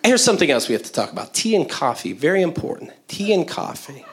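A man's voice: fairly high pitch, very animated, fast. A man doing a peppy corny restaurant trainer. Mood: instructive. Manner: chirpy forced enthusiasm, cheesy corporate pep. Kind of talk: stand-up comedy character bit.

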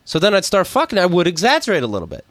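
A man's voice: high voice, huge pitch swings, racing, fairly bright tone, no echo. A man co-hosting a casual, crude comedic chat, talking bluntly and joking. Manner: blunt, joking, puts on voices when quoting. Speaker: podcast co-host.

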